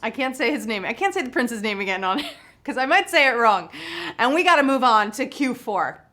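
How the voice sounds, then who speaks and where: A woman hosting a live trivia game show, playful and excitable, giggling between chatty asides. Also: on the high side, fairly quick. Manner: upbeat and excitable.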